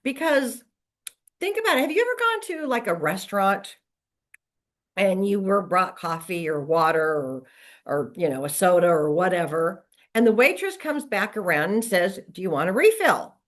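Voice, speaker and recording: A woman's voice: medium pitch, moderate pace. A middle-aged woman coaching real estate agents in a casual motivational talk, acting out quoted lines as she goes. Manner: lively, conversational, acts out quoted lines.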